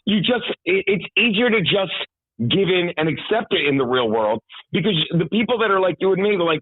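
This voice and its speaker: A man's voice: high-pitched, animated, fairly quick, dry recording. A man calling in as a guest, ranting in a worked-up, profane way during casual talk show banter. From New York. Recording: tinny phone line.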